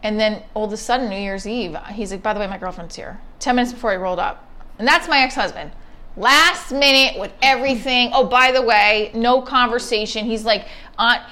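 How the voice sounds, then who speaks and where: Animated, storytelling woman comedian. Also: fairly high pitch. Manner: rapid, dramatic, acts out quotes with big swings. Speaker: podcast guest, comedian.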